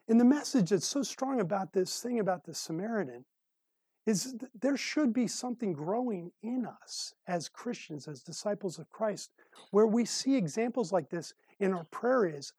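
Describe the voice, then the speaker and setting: A man preaching a sermon as a pastor, telling a story in a conversational way and clearing his throat now and then. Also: high voice, animated, normal speed, mellow, dry recording. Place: church service room.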